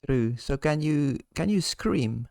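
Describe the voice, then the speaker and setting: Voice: mid-range voice, expressive, slow pace, creaky, darkish tone, no room sound, clean studio sound. A channel host relaying viewer questions in casual, hesitant chat. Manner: hesitant, with restarts.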